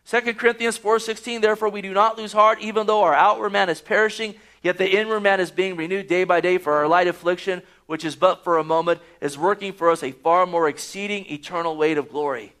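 High-voiced man preaching a sermon. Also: fairly even intonation, brisk, hardly any pauses, fairly bright tone. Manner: preaching with rising emphasis and scripture readings. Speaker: pastor.

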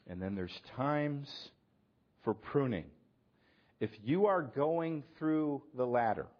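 A man preaching a sermon, asking rhetorical questions and swinging between loud emphasis and hushed, quiet lines. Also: medium pitch, highs cut off. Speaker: pastor.

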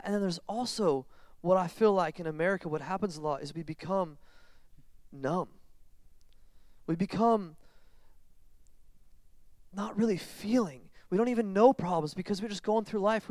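A man, a pastor in his thirties, preaching a sermon in a conversational, animated way that swings from quiet reflection to loud emphatic bursts. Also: sits high, dry recording. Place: church sanctuary.

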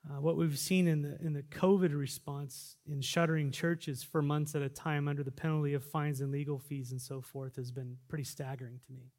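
A pastor preaching a sermon, swinging between loud fervent exhortation and quiet reflective asides. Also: male voice, on the high side, level tone, a little fast, few pauses. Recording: long reverb of a large hall.

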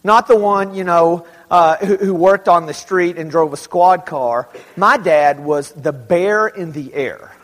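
High-voiced man telling jokey stories. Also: a little slow, few pauses. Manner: animated, joking, self-mocking. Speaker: youth speaker. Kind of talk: storytelling talk to kids. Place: large hall with a live young audience. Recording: long hall reverb.

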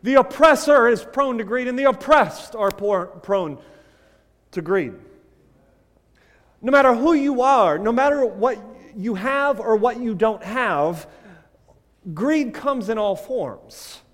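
Man, pastor, sermon, lively high voice, slow deliberate delivery, church hall reverb. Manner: animated preaching, swinging from loud emphasis to quiet asides, telling a joke story. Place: church sanctuary.

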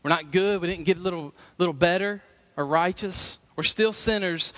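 A middle-aged man preaching a sermon as pastor, earnest and emphatic, slowing down to repeat key phrases. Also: high-pitched, a bit bright.

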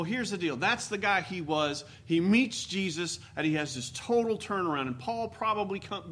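A man's voice: fairly high pitch, fairly bright tone. A man preaching a sermon in a folksy, storytelling manner with dramatic emphasis. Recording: faint background noise.

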